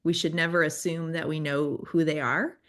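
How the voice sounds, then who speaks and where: A woman's voice: low voice, flat delivery, moderate pace, fairly bright tone. A woman in her forties, a children's ministry guest, telling candid, self-deprecating stories in casual conversation.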